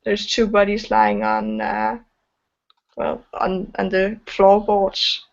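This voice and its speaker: A woman's voice: mid-range voice, flat delivery, slow, vocal fry. A woman narrating as game master of a tabletop game, hesitant and full of fillers. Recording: dull lo-fi sound.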